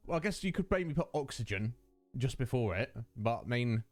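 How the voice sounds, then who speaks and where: Late-thirties male streamer, animated and talkative, dry close mic, faint music bed. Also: medium pitch, quick pace, dry recording. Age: 30s. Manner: chatty, greets viewers by name, laughs often. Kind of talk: casual chat with livestream chat.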